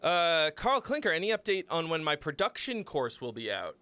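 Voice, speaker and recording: A man's voice: fairly high pitch, big pitch swings, moderate pace, pushed and bright, clear, resonant tone, no echo. A young man hosting a live music-critique stream, chatting loosely, rambling and swearing freely. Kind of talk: casual live-stream chat.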